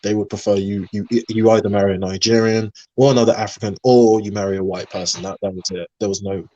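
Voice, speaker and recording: A man in a casual online discussion, telling personal stories in an animated way and laughing often. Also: on the low side, quick pace, lo-fi sound. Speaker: panelist.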